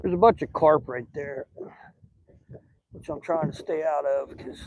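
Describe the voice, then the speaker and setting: A man's voice: fairly high pitch, unhurried, a little mellow, highs cut off. An older man with a Southern accent, hosting a live fishing stream from a boat and chatting in a rambling, folksy way. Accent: Southern American. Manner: rambling, folksy, talks to fish and viewers. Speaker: fishing channel host. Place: small boat on a lake, outdoors. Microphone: phone.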